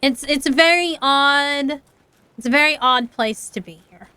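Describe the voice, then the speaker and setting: A woman's voice: sits high, a little slow, bright, forceful tone, dry recording. A young woman with an Appalachian accent, chatting casually and rambling while streaming a game, laughing often. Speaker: VTuber streamer.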